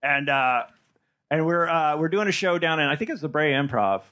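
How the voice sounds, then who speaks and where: An American man hosts a live comedy podcast from a festival stage. He tells a loose, rambling anecdote, stopping and starting as he goes. His voice sits a little high. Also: expressive, normal speed, pushed and bright. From United States. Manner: rambling, self-interrupting anecdotes. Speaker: podcast host.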